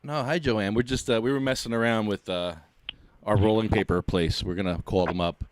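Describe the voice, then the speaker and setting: Low-voiced New Jersey man, dry close sound. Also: steady tone, a little fast, dry recording. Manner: loose, friendly, rambling questions. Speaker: podcast co-host. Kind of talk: casual interview chat.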